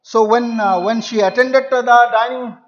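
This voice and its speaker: A male English teacher explaining a story to his students, repeating and restating words to make the meaning clear. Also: very high-pitched, fairly even intonation, normal speed. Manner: addresses listeners as dear children. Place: home or classroom video lesson. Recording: dull lo-fi recording.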